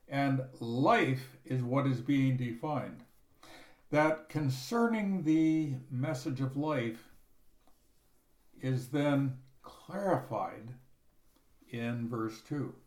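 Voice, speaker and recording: A man teaching a Bible passage verse by verse, reading scripture aloud and explaining it in a measured way, stressing key words. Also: medium pitch, a little mellow. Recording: echoey room.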